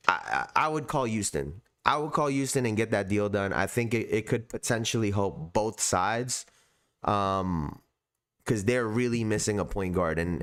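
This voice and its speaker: A man hosts a casual basketball talk for a live audience. His speech is slangy and easygoing, with lots of laughter. His pitch swings widely from low mutters to high bursts. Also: fairly bright tone. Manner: laid-back and slangy, laughs often. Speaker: podcast host.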